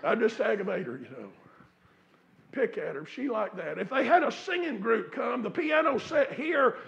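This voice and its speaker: A man's voice: extremely high pitch, expressive, normal speed, creaky, dull audio, a little hiss or hum. A man preaching a sermon in a church, telling folksy stories and building to fervent outbursts. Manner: folksy storytelling, rising to fervent shouts. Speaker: pastor. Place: church sanctuary.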